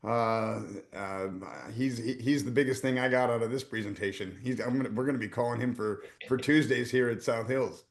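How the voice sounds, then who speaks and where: A man's voice: mid-range voice, steady tone, moderate pace, few pauses. A man moderating a webinar and wrapping it up, joking casually with many fillers.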